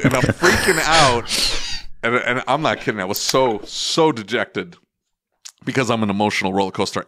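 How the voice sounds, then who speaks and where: A man co-hosting a podcast, telling an excitable story in casual chat and acting out quotes. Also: lowish voice. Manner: excitable storyteller, animated quoting. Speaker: podcast co-host.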